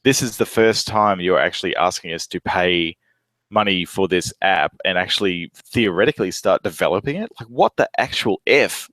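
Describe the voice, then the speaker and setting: A man's voice: deep voice, normal speed, a bit bright, dry recording. A man who is a parent, co-hosting a podcast in casual chat, with exclaiming, wry asides.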